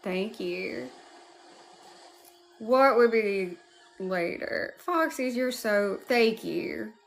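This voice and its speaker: Slow-talking Southern woman livestreaming. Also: medium pitch, lively intonation, gravelly. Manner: warm greetings to chat, drawling. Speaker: livestream host. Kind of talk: casual live chat.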